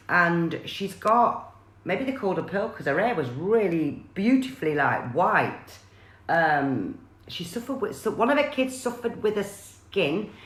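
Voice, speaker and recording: A woman's voice: on the low side, fairly bright tone, reverberant. A woman, chatting on a live stream as a psychic medium and passing on messages with many fillers and restarts.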